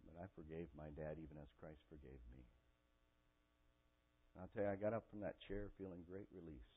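Pastor, male, fairly low voice, heartfelt sermon with loud peaks, lo-fi phone-quality recording. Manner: emotional storytelling, rising to near-shouting. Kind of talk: sermon with personal story. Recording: tinny phone-like audio.

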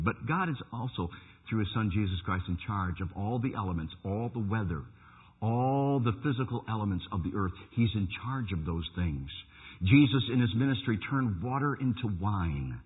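Lively husky pastor telling bible stories, loud then hushed, sounds like a phone line. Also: male voice, fairly high pitch. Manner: animated storytelling, swings from loud to hushed. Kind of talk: sermon.

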